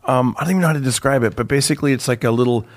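A man's voice: medium pitch, racing, no echo. A man, a comedian guest on a podcast, chatting casually and rambling with many restarts. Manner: rambling, restarts mid-sentence while explaining. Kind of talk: casual chat.

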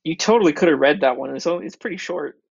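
Man, slightly higher voice, gravelly, dry close sound, dull lo-fi recording, chatty. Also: fast talker, no room sound. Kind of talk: casual chat.

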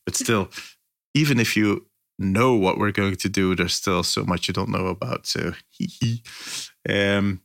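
Deep-voiced man hosting a podcast. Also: slow pace, vocal fry, a bit bright, dry recording, clean studio sound. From London. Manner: jokey, laughs often. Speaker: podcast host. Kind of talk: casual podcast chat.

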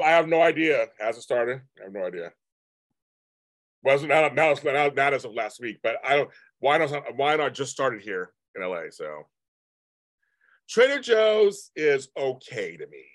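A man in his fifties rambles through a casual live stream and answers viewers' comments as they come in. His pitch swings widely, up and down, as he talks. The sound is dry and close, with no room echo. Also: big pitch swings, moderate pace, a bit bright. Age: 50s.

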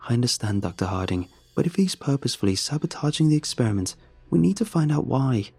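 A man's voice: mid-range voice, lively intonation, fast talker, warm tone, breathy edge, dry recording, soft background music, voice pushed up. A man voicing an insistent female scientist in a horror story. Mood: urgent.

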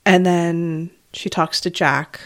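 A woman's voice: lowish voice, steady tone, takes it slowly. A woman in casual chat, thinking aloud in long rambling turns full of "like" fillers. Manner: rambling, analytical, many "like" fillers. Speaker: podcast co-host.

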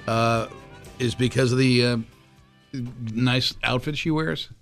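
A man's voice: medium pitch, takes it slowly, creaky, a bit bright, smooth, faint music behind. A man hosting a radio show, chatting loosely and jokingly with plenty of fillers, on a studio microphone. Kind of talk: casual morning radio chat.

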